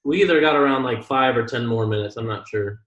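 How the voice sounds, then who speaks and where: A man interjecting with quick questions and jokes as a podcast co-host, heard from a distance. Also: medium pitch, a bit bright. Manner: joking interjections. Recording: dull, roomy sound from a distance.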